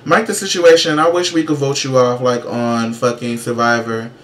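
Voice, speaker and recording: A man's voice: mid-range voice, little pitch movement, normal speed. Sassy, profane man hosting a gossip show. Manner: brash shout-outs and gossip. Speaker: show host. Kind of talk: casual pop-culture commentary.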